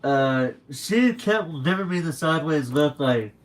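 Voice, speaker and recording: A man's voice: fairly high pitch, lively intonation, measured pace, low-quality recording. Rambling young man on a late-night stream. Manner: rambling storyteller who acts out quoted people. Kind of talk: casual late-night livestream chat. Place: at home.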